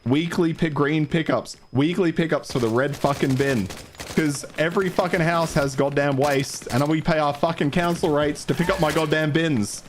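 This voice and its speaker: A man's voice: steady tone, moderate pace, a little hiss or hum. A man with an Australian accent ranting profanely and in exasperation while commentating his gameplay on stream. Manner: profane, exasperated ranting, voice jumping high when worked up. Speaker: gaming streamer.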